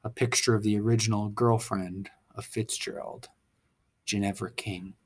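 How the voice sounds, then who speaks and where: A man's voice: lowish voice, steady tone, normal speed, breathy edge. A male teacher giving a literature lecture, enthusiastic and given to exclamations, explaining details and asking questions. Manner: explains and asks the class questions. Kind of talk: literature lecture walking through manuscript pages.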